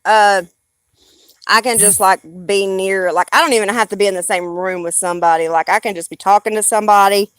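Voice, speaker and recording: A woman's voice: medium pitch, steady tone, fairly quick, a bit bright, clear, resonant tone, dry recording. Southern woman live-streamer, rambling and cussing, bone-dry close sound, mid-range voice. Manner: rambling and blunt, swears freely. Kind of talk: casual live-stream chat.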